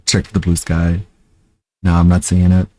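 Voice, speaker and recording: A man's voice: deep voice, monotone, measured pace, darkish tone, no room sound. A man streaming live, reacting to a video with casual comments and laughs.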